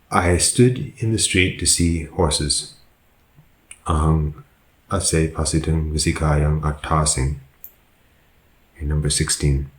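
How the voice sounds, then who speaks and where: A man with an extremely deep voice teaches a Pāli grammar lesson, moving through each sentence at a slow, deliberate pace. He pauses often and corrects himself. The recording carries a noticeable room echo. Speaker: Buddhist monk teaching Pāli.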